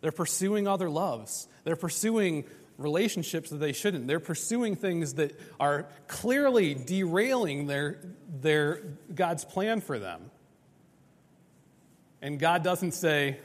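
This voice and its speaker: A man preaching a sermon in an animated, conversational way, often tagging lines with "right?" and acting out voices. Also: fairly high pitch, slow, in a large hall. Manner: animated, conversational, acts out dialogue.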